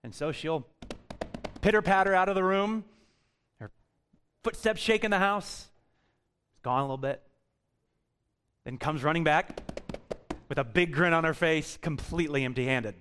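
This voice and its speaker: A young man preaching a sermon, rising to loud emphasis and dropping to quiet, drawn-out words. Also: on the high side, slight background noise. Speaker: pastor.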